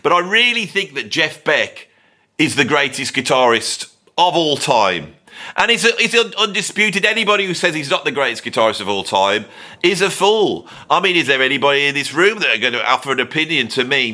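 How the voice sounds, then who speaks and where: A middle-aged man rants about music in an animated, sarcastic way, wandering off on tangents as he goes. His voice is bright and forceful. He talks straight to his viewers like a host who has done this many times. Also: mid-range voice, brisk. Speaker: drummer and video host. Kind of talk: opinionated ranking monologue.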